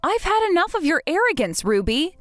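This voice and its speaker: Woman as fed-up young woman, firm and indignant, lively pitch. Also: brisk, dry recording, soft background music, heavily acted. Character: fed-up young woman confronting her rival. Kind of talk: text-message drama reading.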